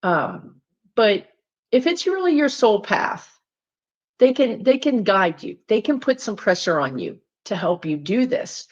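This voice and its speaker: Southern woman, mid pitch, animated and emphatic spiritual vlogger, lo-fi dull recording. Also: a little slow. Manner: animated, emphatic, chatty with frequent asides. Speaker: spiritual teacher. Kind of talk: casual direct-to-viewer talk.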